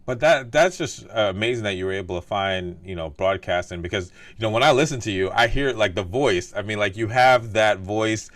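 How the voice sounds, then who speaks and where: Low-voiced host musing casually. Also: male voice, fairly quick, hardly any pauses, a bit bright, no echo. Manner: thoughtful, heavy use of "like" and "right?". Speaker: podcast host, doctor. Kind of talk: casual interview chat.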